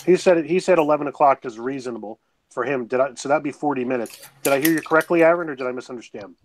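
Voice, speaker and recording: A man's voice: mid-range voice, fast talker, a little hiss or hum, poor audio. A man playing a tabletop game, talking casually and pushing the group to keep going. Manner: talkative, reasonable, keeps the group moving. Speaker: player.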